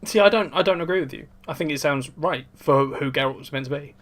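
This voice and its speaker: A man's voice: a little high, fast talker, fairly bright tone. A young man co-hosting a podcast in casual chat, easygoing and questioning. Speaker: podcast co-host and editor.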